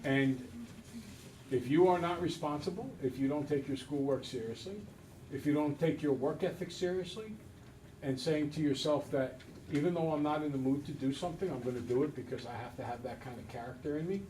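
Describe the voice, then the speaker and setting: Guy teaching math to a class, lively, storytelling, recorded from far back with faint room hum. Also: a little high, a little fast. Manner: animated storyteller, acts out voices. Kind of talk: classroom lecture.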